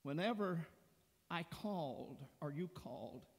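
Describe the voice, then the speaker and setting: Pastor, male, slow deliberate sermon delivery, gravelly, churchy reverb. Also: fairly high pitch, expressive. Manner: slow, deliberate storytelling preacher. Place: church sanctuary.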